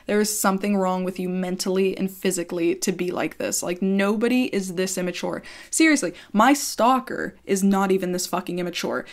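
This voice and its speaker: A woman YouTuber telling a story in a casual, rambling rant, heated and swearing freely. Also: mid-range voice.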